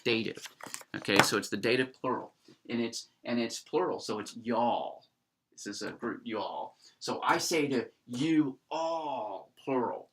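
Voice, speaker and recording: A man lecturing on Greek grammar, animated and emphatic, with many fillers. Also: mid-range voice. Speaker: Greek teacher. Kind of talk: classroom lecture.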